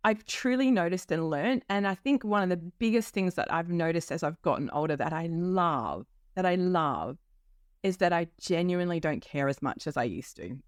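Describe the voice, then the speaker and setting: A woman's voice: on the low side, a little fast, few pauses, no echo, studio quality. A woman in her fifties hosting a solo podcast, talking candidly and chattily with many fillers. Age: 50s. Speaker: podcast host. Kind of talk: personal solo podcast reflection.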